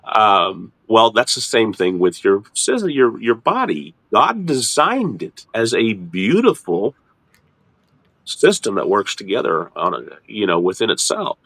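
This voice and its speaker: A middle-aged man hosts a relaxed faith chat, sitting low in his voice but swinging it up and down with lots of expression. He restarts his words often as he talks, and the recording is dry and close. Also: unhurried, no echo. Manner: animated, repeats and restarts words, jumps into high mock voices. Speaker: ministry host. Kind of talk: casual teaching chat.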